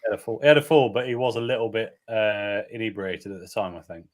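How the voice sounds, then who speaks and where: An English man with a fairly low voice co-hosts a beer live stream from home, speaking fast in a steady tone. He reads out viewer comments from the chat. His talk is casual, full of jokes and rambling.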